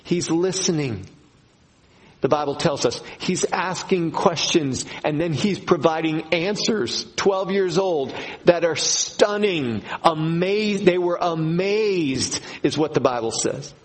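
A man preaching a sermon to his congregation, slow and emphatic, repeating key phrases. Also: on the high side, animated, rough recording. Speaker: pastor.

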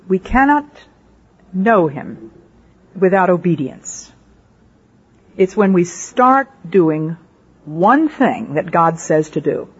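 A woman's voice: lowish voice, breathy edge, dull audio. An older woman, a missionary, giving a personal testimony sermon and telling stories with rhetorical questions to her listeners. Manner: storytelling with rhetorical questions to the audience. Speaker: missionary speaker.

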